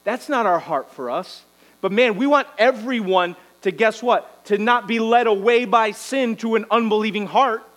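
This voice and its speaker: High-voiced preaching man, exhorting. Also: moderate pace, fairly bright tone, low-quality recording. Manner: exhorting, rhetorical "right?" tags. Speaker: pastor. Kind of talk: sermon.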